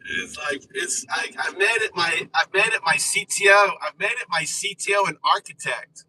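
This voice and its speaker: A man chatting casually on a live stream in an excitable way, swearing and restarting his sentences. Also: high voice, moderate pace, recorded from a distance, a little hiss or hum, poor audio. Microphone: phone.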